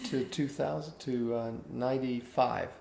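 Earnest older man with gravelly voice. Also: medium pitch, a little slow. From Cuba. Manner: earnest, animated anecdote telling. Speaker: guest. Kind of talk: interview storytelling. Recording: roomy echo with faint background hiss.

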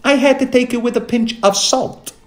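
A man's voice: very high-pitched, normal speed, soft background music. An actor playing a brash, foul-mouthed, short-tempered man on a film set, telling stories in a mockumentary interview. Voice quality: profane, brash, animated storytelling.

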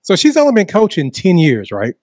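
A man's voice: high-pitched, wildly swooping pitch, brisk, darkish tone, no echo, studio quality. A man co-hosting a sports podcast, asking questions in a joking, teasing way. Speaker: podcast co-host. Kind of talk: playful podcast chat.

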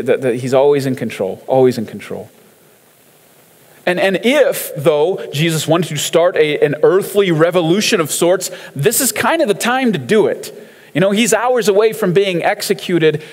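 A man preaching in a relaxed, conversational way, full of asides and fillers. His voice sits a little high for a man. A long reverb trails behind him, as in a big hall. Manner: conversational, chatty, with frequent fillers and laughs. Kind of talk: casual sermon commenting on song lyrics.

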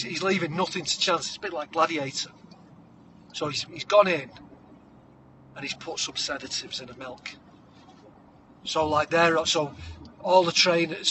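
A man telling a comic story, acting scenes out with shouted voices. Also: on the high side, background noise. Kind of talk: comedic improvised storytelling.

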